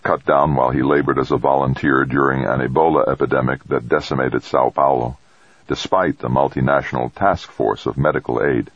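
Male audiobook narrator, very low and husky, measured read, dry muffled sound. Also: steady tone, no room sound. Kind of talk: scripted narration.

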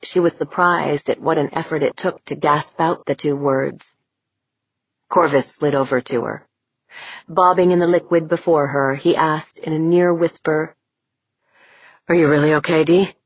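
A woman narrating an audiobook in a measured, even reading. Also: low-pitched, husky, no echo. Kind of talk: scripted narration. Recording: dull, muffled audio.

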